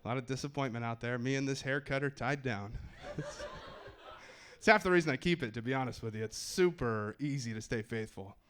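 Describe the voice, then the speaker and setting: A man's voice: medium pitch, brisk, noisy background. A young man doing stand-up in a put-on English accent, wry and self-mocking, on a comedy club stage with a handheld mic. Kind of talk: stand-up set.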